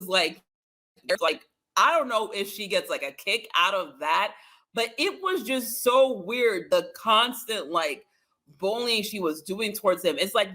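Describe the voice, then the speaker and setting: Bright, exasperated podcast co-host. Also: mid-range voice, expressive, a little slow. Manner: talkative, many "like" fillers, exasperated. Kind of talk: casual pop-culture recap chat.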